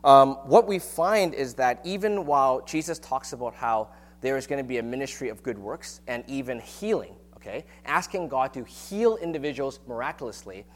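A man preaching a sermon on a Bible passage in a relaxed, conversational teaching manner, with frequent rhetorical questions. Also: mid-range voice, moderate pace. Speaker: pastor.

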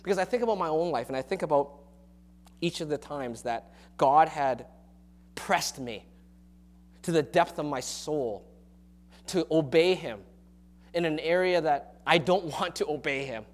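A male pastor delivering a sermon to his congregation in church. His voice sits a little high for a man, and he speaks earnestly and confessionally, often stopping and restarting his sentences. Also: a little slow, long pauses.

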